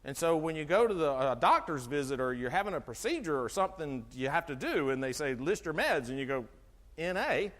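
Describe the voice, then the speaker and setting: Fairly quick and animated, a middle-aged man who is a chiropractor delivers a health talk like a sermon, questioning the audience and acting out dialogue. His voice sits high and rises and falls all the time, with a hall's long reverb behind it.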